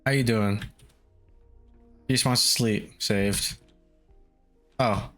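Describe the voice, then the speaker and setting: A man's voice: on the low side, fairly even intonation, slow, a bit bright, soft background music. A man streaming a game live, talking through it with constant swearing and panicky outbursts. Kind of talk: live gameplay commentary.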